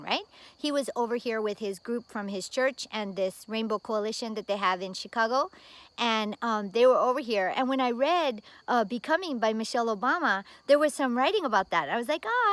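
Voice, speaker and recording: A woman's voice: on the high side, no echo. Chatty American woman telling a story. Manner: chatty, with lots of fillers and tag questions. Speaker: vlogger. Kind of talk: casual storytelling vlog.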